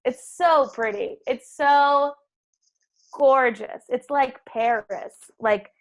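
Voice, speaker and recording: A woman's voice: high-pitched, slow. A woman appearing as a podcast guest, telling stories in an enthusiastic, chatty way. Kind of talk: casual podcast chat.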